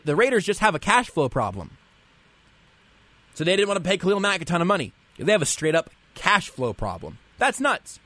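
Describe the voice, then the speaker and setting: Man, sports talk host, loose and conversational, slightly high voice. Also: fairly bright tone, no room sound. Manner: rambling, conversational, reads listener comments aloud. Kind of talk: casual sports talk show.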